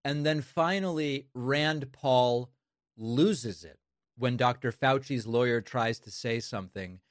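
A man's voice: medium pitch, takes it slowly, dry recording. Scornful male commentary host, dry sound. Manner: scornful, sarcastic. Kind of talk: opinionated commentary over clips.

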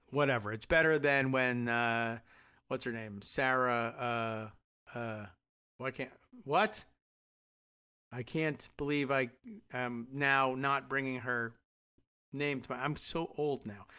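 A man's voice: medium pitch, pushed and bright, clean tone. A middle-aged man hosting a political talk show, reading news coverage aloud with sarcastic, wry asides. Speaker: podcast host.

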